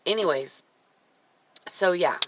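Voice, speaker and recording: A woman's voice: on the low side, slow, background noise. A woman vlogging in a chatty, emotional, rambling way, her throat dry and her voice cracking in and out. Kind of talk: casual personal vlog.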